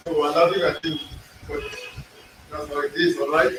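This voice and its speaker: A man with a fairly high-pitched voice teaches an in-person language class, drilling pronunciation, repeating words and quizzing his students. The room is echoey, he's far from the mic, and there's noise in the background.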